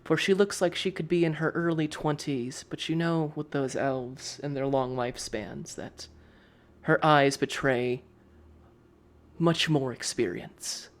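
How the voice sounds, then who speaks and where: A man's voice: a little high, a little slow. A man narrating a tabletop game as game master, describing scenes in the second person. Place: live stream.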